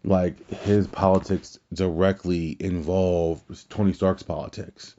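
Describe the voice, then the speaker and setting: A man with a deep, dark voice hosts a solo podcast, rambling casually through his thoughts. He restarts his sentences often and leans on filler words. The recording sounds dull and lo-fi. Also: flat delivery, slow pace. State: tired, fighting yawns. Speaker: podcast host.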